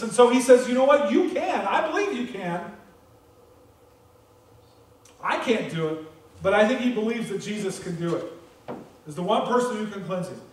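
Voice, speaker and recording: High-voiced American preacher in an echoey church. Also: male voice. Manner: animated, repeats words when stressing a point. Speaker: pastor. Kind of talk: sermon. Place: church sanctuary. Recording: very echoey church, voice distant from the mic.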